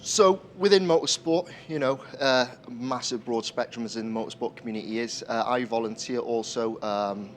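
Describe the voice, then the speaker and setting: A man, a deputy clerk of the course, explaining his volunteer role in a measured, halting way full of fillers and restarts. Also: mid-range voice, slight background noise. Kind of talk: casual explanatory talk to camera.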